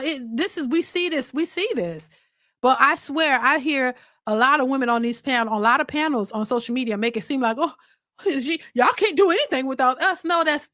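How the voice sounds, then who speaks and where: A woman hosting a livestream, thanking viewers for super chats and giving blunt, animated opinions. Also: sits high, no echo, studio quality. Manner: blunt and animated, slipping into mocking voices. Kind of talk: casual opinion commentary.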